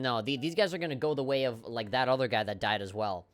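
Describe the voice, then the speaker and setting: A man streaming a game live, reacting in an excitable, profane way and reading the on-screen dialogue aloud. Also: medium pitch, a little fast, hardly any pauses, faint music behind. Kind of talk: casual live gameplay commentary.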